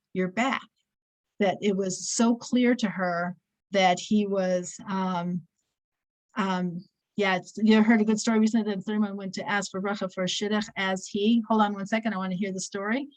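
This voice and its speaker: A woman's voice: mid-range voice, low-quality recording. A woman in her sixties teaching a weekly scripture class, talking casually and telling stories with many fillers and restarts. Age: 60s.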